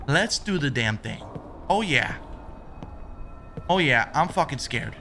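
A man's voice: fairly high pitch, big pitch swings, takes it slowly, pauses often, pushed and bright, a little hiss or hum. A man commenting on a horror game he is playing, muttering nervously to himself, swearing often and yelping when startled. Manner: jumpy, swears a lot, yelps when startled. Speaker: gaming video creator.

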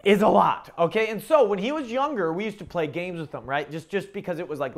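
A man's voice: high-pitched, expressive, a little fast. A middle-aged man, a pastor, giving a conversational sermon, often checking in with "okay?" and "right?" and repeating his phrases as he goes. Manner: repeats and restarts phrases while talking.

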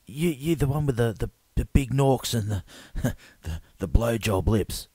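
A man jokes his way through an improvised sketch, with blokey banter and frequent stammers. His voice is husky and mellow, and he speaks into a close, dry mic. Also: mid-range voice, lively intonation, unhurried, hardly any pauses, no room sound. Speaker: comedic host.

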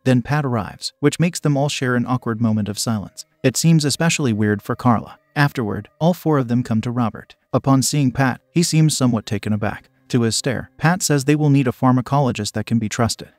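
Man, mid-pitched voice, scripted movie recap narration, steady even delivery. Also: a little fast, hardly any pauses, no room sound.

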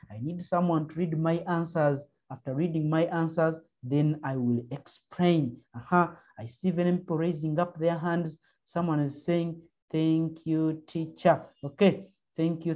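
Mellow-voiced Ugandan woman teacher. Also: on the low side. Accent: Ugandan English. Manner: encouraging, prompting with frequent uh-huh and mm-hmm. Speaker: primary school teacher. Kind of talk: online class lesson. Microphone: video call.

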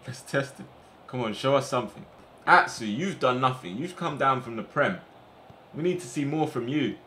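A young man commentating on his football management game, getting excited and shouting at his players on screen. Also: medium pitch, normal speed, slight background noise. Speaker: gaming streamer.

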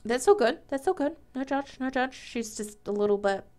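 A woman giving casual, excitable commentary while playing a life-simulation game, giggling and exclaiming often. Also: high voice, normal speed. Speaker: let's play gamer.

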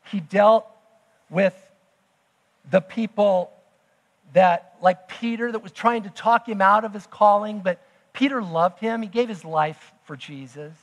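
A man preaching a sermon as pastor, emphatic, swinging between loud declarations and hushed asides. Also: high voice, unhurried. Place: church sanctuary. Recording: long church hall reverb.

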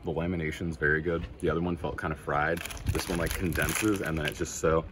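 Deep-voiced man vlogging casually. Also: a little fast, noisy background. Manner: relaxed, rambling, enthusiastic about food. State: tired from little sleep. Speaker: travel vlogger. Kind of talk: casual walk-and-talk vlog. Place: cafes and streets, indoors and out. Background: music.

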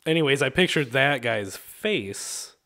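A young man hosting a comedy podcast in casual chat, animated, laughing often and swearing. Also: medium pitch, measured pace. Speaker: podcast host.

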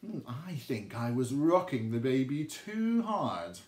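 A man's voice: medium pitch, very animated, slow, a little mellow. Male music teacher for a nursery class, sing-song and dramatic, in a roomy space. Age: adult. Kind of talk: children's music lesson with rhymes. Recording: roomy echo.

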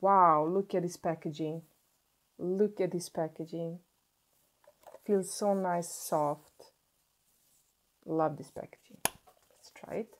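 A woman's voice: lowish voice, a little hiss or hum. Gushing woman unboxing beauty products. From Sweden. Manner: gushing, excitable, pauses and restarts as she unwraps. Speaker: beauty vlogger.

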